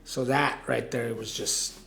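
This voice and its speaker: This is a man in his forties, a restaurant operations director, speaking casually in an interview. His voice has a gravelly edge at an ordinary middle pitch. He rambles, trips over restarts and keeps checking in with "right?". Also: fairly even intonation, a little slow, sharp tone. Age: 40s.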